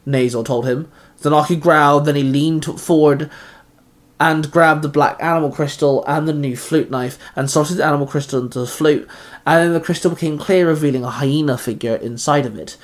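A man reading a fan fiction story aloud in a steady, even narration. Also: on the high side, normal speed.

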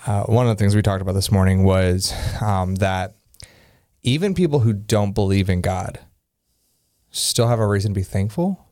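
Male co-host, low pitch, dry close recording, earnest and a bit preachy. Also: moderate pace, darkish tone, no echo. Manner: earnest, builds to preachy emphasis. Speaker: podcast co-host. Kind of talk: casual faith discussion.

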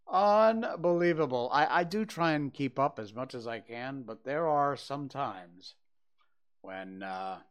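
An American man hosting a podcast, giving wry, animated commentary on news and drawing out words for effect. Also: medium pitch. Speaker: podcast host. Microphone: podcast mic.

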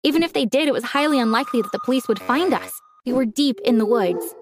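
A woman narrating a first-person story in a calm, earnest way. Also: fairly high pitch, fast, over music.

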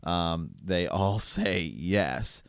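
A man's voice: low-pitched, animated, extremely slow, clean tone, dry recording, clean studio sound. A man co-hosting a book discussion, chatting and reading passages aloud with frequent laughs. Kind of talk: casual chat reading aloud from a novel.

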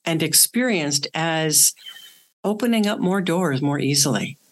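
Interviewer, video call, mid-pitched, affirming and reflective, frequent agreement sounds. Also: expressive, measured pace. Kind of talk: casual conversational interview.

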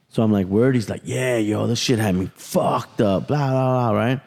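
A man in a casual podcast chat tells a story full of swearing and animated asides. His voice sits at an ordinary pitch, and the recording carries a long, ringing reverb. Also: moderate pace, vocal fry, hardly any pauses. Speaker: podcast host.

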